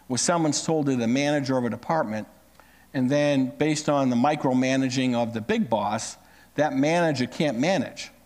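A man preaching a sermon as pastor, telling stories with big swings in his voice. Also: big-room sound. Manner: animated storytelling with big pitch swings.

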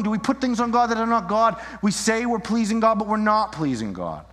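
A man delivers an animated sermon in a fairly high voice. He acts out scenes and swings between voices as he presses his point. His words ring out with a long reverb through a hall. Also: fairly quick, few pauses. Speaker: pastor. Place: church.

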